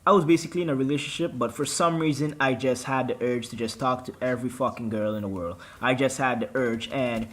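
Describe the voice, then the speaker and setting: A man's voice: medium pitch, fast talker, few pauses. A young man hosting a vlog, telling a story casually, with lots of swearing and acted-out quotes. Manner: animated, profane storytelling with quoted dialogue. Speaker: gaming channel host.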